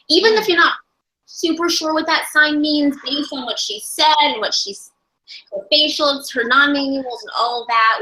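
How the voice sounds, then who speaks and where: A woman with a bright, slightly high voice leads a class, thinking aloud and often restarting her sentences. The room is echoey. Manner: thoughtful, searching for words, many restarts. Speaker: ASL interpreting instructor. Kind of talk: teaching a live class.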